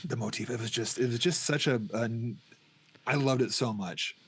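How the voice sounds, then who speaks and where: A middle-aged man co-hosting a podcast chats casually about a film, rambling, restarting often, and acting out scenes. His mid-range voice is slightly rough and moderately paced.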